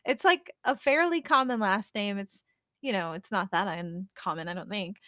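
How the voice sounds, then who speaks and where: A woman's voice: medium pitch, moderate pace, pushed and bright, dry recording, clean studio sound. A middle-aged woman telling stories in a casual chat and laughing often. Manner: giggly storyteller, laughs often.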